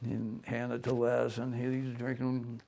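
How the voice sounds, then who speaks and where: A man's voice: medium pitch, monotone, unhurried, creaky, warm tone. An older man telling rambling anecdotes in an interview, acting out other people's lines along the way. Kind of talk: casual storytelling.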